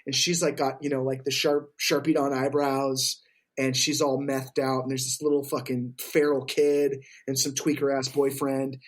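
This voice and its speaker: A man telling stories in casual podcast chat, profane and animated, acting out what others said. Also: mid-range voice, moderate pace. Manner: profane, animated storyteller, acts out quotes. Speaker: podcast guest.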